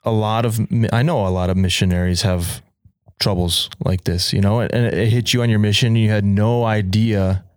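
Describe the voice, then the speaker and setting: A man's voice: on the low side, a little fast, dry recording, studio quality. A man co-hosting a podcast interview, reflecting on and encouraging his guest in casual chat. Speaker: podcast co-host.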